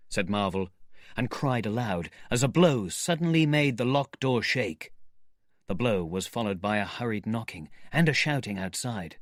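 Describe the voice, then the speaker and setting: A man reading a novel aloud in clear, measured narration for English learners. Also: fairly low pitch, expressive, no echo, clean studio sound. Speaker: audiobook narrator.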